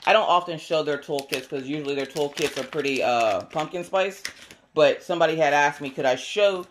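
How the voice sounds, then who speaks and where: A woman's voice: a little fast, slight background noise. Chatty woman unboxing a craft kit. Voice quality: squeaky today. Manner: chatty and enthusiastic, squeals with excitement. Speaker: crafting video host. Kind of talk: casual unboxing chat.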